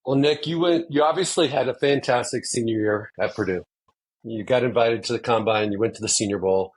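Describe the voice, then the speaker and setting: A man's voice: medium pitch, a little fast, husky. A man hosting a podcast interview, asking eager, rambling questions. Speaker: podcast host, sports agent.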